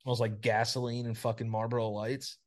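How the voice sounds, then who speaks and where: A man's voice: mid-range voice, level tone, a little fast. Profane ranting podcast host man. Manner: profane ranting, heavy filler "like". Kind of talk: casual crude banter. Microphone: remote video call.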